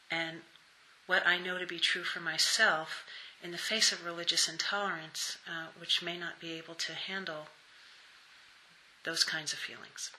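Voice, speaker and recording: A woman asking an earnest, measured question as a listener, pausing to hesitate now and then. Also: on the low side, bright, forceful tone, rough recording.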